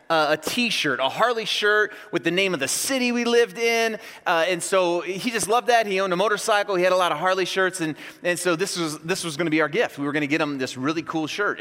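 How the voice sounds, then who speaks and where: A man in his thirties delivers a sermon in a church hall, telling stories in an animated way and acting out shouts. His voice sits high and sounds bright and forceful. Long reverb from the hall hangs behind him. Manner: storytelling, animated, acts out yelling. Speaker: pastor.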